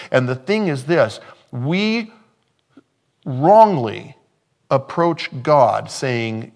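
A male pastor delivering a sermon, moving from quiet scripture reading to loud, emphatic preaching. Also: mid-range voice, expressive, extremely slow, vocal fry, long pauses.

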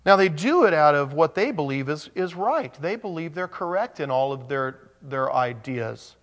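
A man preaching a sermon, animated, with joking asides and frequent restarts. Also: on the high side, normal speed, big-room sound. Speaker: pastor.

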